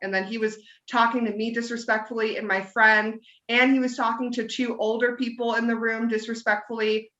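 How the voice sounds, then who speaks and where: A woman comedian telling a story in casual podcast chat, animated in her delivery. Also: on the high side, fairly quick, hardly any pauses. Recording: echoey room, dull lo-fi sound.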